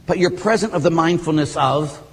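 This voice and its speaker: Husky priest preaching in a reverberant church. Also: male voice, a little high, fairly quick. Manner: animated storytelling with conversational asides. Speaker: Catholic priest. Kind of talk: sermon. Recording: long hall reverb.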